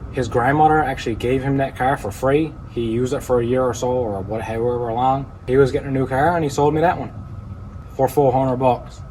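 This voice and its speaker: A man's voice: medium pitch, darkish tone, slight background noise, poor audio. A man with a Newfoundland accent chatting casually in a vlog about flipping cars, plain-spoken with dry humour. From Newfoundland, Canada. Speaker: car-flipping YouTuber.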